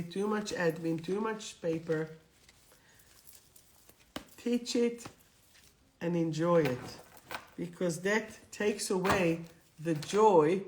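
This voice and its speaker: A woman's voice: on the low side, a little hiss or hum. A middle-aged woman and spiritual teacher, chatting directly to viewers on a live stream and leading them in affirmations. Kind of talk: live-streamed guidance session.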